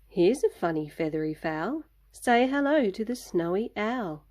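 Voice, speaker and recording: Slow sing-song woman reading a picture book. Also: medium pitch, animated, darkish tone. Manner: slow, sing-song, adding animal sounds. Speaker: children's book reader.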